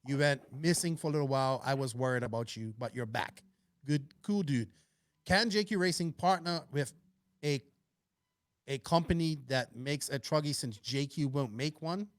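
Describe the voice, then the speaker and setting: A man's voice: mid-range voice, moderate pace, dry recording, studio quality. A man hosting a casual podcast, upbeat and chatty as he reads out listener questions. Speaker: podcast host.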